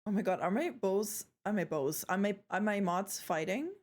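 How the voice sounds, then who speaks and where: On her live stream, a young woman speaks at a moderate pace in a mid-range voice with lively intonation. She's playful and talkative with viewers, cracking jokes, swearing freely, and trailing off before picking back up.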